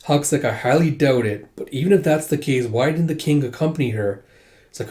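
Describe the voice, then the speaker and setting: Talking fast in a mid-range, darkish voice, a man casually walks through a manga volume. He's chatty and performs each character's lines in lifted voices.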